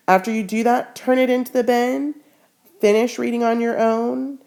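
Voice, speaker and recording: A woman's voice: on the high side, dark tone. A woman teacher reading a novel aloud to her class, stopping to quiz the students and then giving firm instructions.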